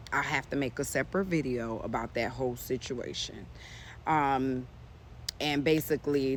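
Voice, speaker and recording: A woman, talking casually to her viewers about what happened to her, animated and indignant, calling them y'all. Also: deep voice, a little hiss or hum. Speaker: vlogger. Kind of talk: casual storytime to camera. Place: outdoors.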